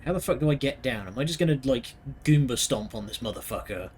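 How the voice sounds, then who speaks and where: A man's voice: mid-range voice, animated, quick pace, a little mellow, a little hiss or hum. A man giving casual let's-play commentary, joking and sarcastic, swearing freely. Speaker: gaming video host.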